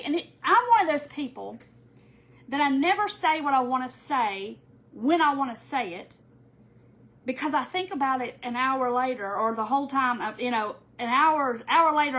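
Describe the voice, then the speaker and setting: Woman, middle-aged, higher pitch, rambling story, live craft tutorial host. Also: moderate pace. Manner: rambling, animated, addresses viewers as y'all.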